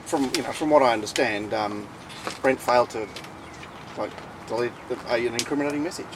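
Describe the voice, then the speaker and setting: A man's voice: mid-range voice, brisk. Questioning man, distant mic. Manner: questioning, explains details. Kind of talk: casual chat. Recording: distant mic with loud traffic noise.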